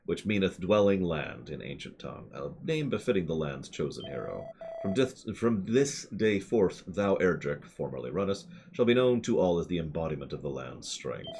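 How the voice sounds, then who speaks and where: A man's voice: deep voice, very animated, normal speed, darkish tone, slight background noise. A man voicing a pompous old king who gives a stately speech in archaic language with a put-on accent. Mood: solemn.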